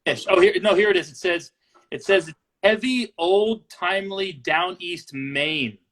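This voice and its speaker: A man's voice: high-pitched, measured pace, fairly bright tone, poor audio. A man hosting a casual chat, easygoing and rambling. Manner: easygoing, rambling, many restarts. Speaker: podcast host.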